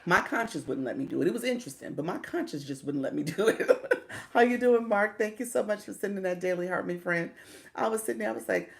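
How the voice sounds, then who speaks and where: Chatty woman with a low, gravelly voice. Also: lively intonation, quick pace. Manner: greets viewers by name, chatty and laughing. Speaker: livestream coach. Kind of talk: casual live stream chat.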